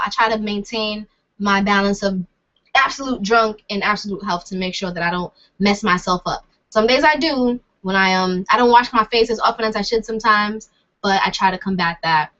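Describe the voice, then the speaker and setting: A woman's voice: mid-range voice, bright, forceful tone. A young woman answering viewer comments in a casual, rambling, self-deprecating chat. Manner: chatty and rambling, self-deprecating, laughs often. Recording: dull lo-fi sound.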